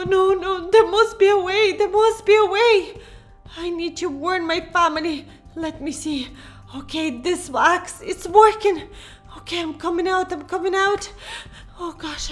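A woman's voice: very high voice, fairly bright tone. A woman voicing a dramatic young mother in a Minecraft role-play, with fretful, breathless exclamations. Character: frantic, dramatic young mother under a spell.

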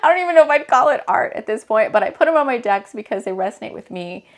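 A woman reading oracle cards in a casual, gushing way, laughing often as she talks about her decks and her books. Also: a little high. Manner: gushing and excitable, quick to laugh. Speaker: spiritual energy reader and deck author.

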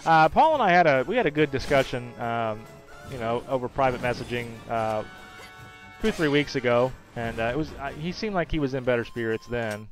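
An animated, brisk man with a mid-range voice hosts a casual gaming stream. In chatty fashion he reads viewers' comments aloud and answers his regulars warmly by name, with faint music behind a rough recording.

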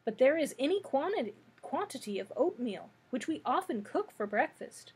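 A woman's voice: sits high, very animated, normal speed, darkish tone. A woman voicing a humble, deferential palace steward in a storybook read-aloud.

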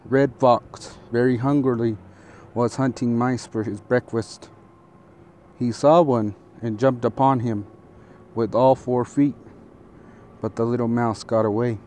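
Male storyteller reading a fable; slow, steady, mid-pitched.

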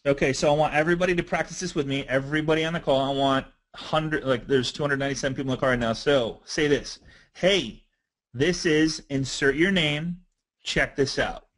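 A man's voice: on the high side, fast, hardly any pauses, rough recording. Easygoing man leading a marketing webinar. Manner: energetic, loose and conversational. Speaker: webinar presenter. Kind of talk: casual instructional webinar talk.

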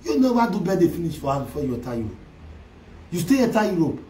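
A man delivers a mocking, loud social media rant, switching between Pidgin, Yoruba and Igbo. His voice sits high for a man and rings in a roomy, echoey space. He sounds set back from the microphone. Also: very animated, quick pace, far from the mic, slight background noise. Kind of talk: ranting livestream commentary.

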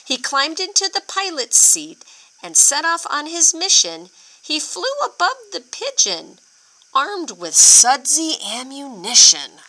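A woman reads a picture book aloud to young children and stops to ask them questions. Her delivery is unhurried, with pitch that swoops up and down. Her tone is very bright. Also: low-quality recording. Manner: expressive, asks children questions. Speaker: storyteller for children.

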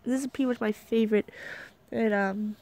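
A woman casually reading her fan story aloud, slightly hoarse, chatting in asides with many fillers and restarts. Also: on the high side, fairly even intonation, normal speed, darkish tone. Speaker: fan fiction reader.

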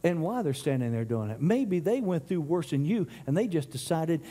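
High-voiced impassioned male preacher. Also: sing-song, moderate pace, hardly any pauses, mellow. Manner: impassioned, rises and falls, stumbles and repeats. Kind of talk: sermon. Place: church.

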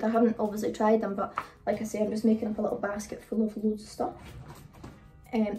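A British woman talks through her shopping haul in a loose, rambling way, full of ums and asides. Her voice sits a touch high and is picked up from a little distance, with faint music playing underneath. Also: darkish tone. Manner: chatty, rambling, frequent ums. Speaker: vlogger. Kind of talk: casual haul video chat. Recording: voice a bit far from the mic, faint music.

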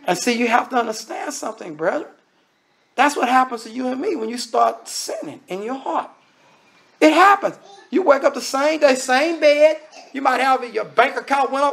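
A man's voice: very high-pitched, animated, normal speed, creaky, fairly bright tone. A man preaching a sermon in a conversational way, often acting out the voices of the people he quotes.

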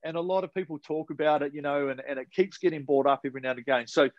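A man's voice: fairly high pitch, very fast, hardly any pauses, no room sound, muffled recording. A man with a New Zealand accent, a podcast guest telling sports stories in a laid-back, slangy way with casual swearing. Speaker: podcast guest, retired rower. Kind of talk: casual storytelling chat.

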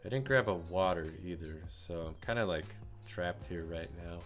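A male streamer talks casually to his viewers in a very low voice. His throat has gone dry and slightly raspy, and he keeps an easy, chatty manner. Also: moderate pace, a bit bright, faint music behind. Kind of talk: casual chat on a live stream.

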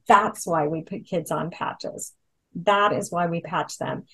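A woman's voice: fairly low pitch, slow pace, a bit bright, husky, rough recording. A woman talking casually, telling stories with lots of ums and restarts. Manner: chatty storyteller, many ums and restarts. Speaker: product presenter. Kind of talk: casual chat. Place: Hawaii.

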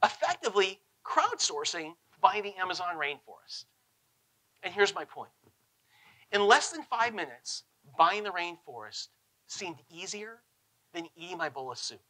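A man giving a motivational keynote on stage, telling stories in a punchy, animated way. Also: high voice, measured pace, low-quality recording. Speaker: keynote speaker. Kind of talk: motivational storytelling talk. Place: conference stage.

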